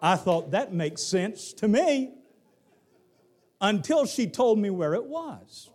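A middle-aged man with a Southern accent preaching a sermon, moving from hushed lines to shouted ones. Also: high voice, big pitch swings, slow. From Southern United States. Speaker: pastor.

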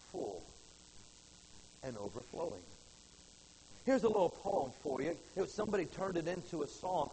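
Animated high-voiced male preacher. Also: slight background noise, rough recording. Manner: folksy, animated preaching with big swings from loud to hushed. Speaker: pastor. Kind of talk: sermon. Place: church.

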